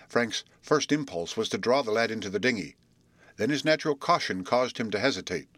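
A man calmly reading a chapter of an adventure book aloud as an audiobook narrator. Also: on the low side, fairly quick, no room sound. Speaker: audiobook reader. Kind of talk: storybook narration.

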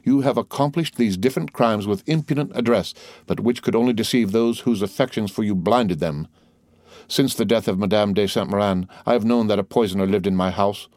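A man's voice: fairly low pitch, fairly quick, a little mellow, no room sound, lightly acted. A man voicing a cold, harsh magistrate who speaks with contempt. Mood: accusing.

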